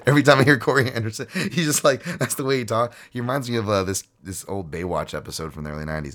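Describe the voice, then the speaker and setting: Low-voiced rambling, profane podcast host man. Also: quick pace, a bit bright. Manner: profane, rambling, jokey, many fillers. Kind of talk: casual podcast chat.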